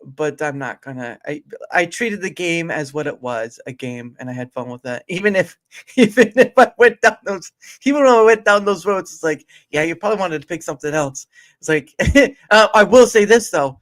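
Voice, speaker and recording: A man's voice: high voice, expressive, moderate pace, a bit bright. A man chatting as the guest player on a gamebook stream, rambling through asides and laughing often. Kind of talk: casual chat on a gamebook stream.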